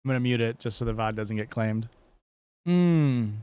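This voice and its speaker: A man's voice: lowish voice, level tone, fast, heavy background noise. A man streaming a game live, chatting casually and joking with chat, often swearing playfully.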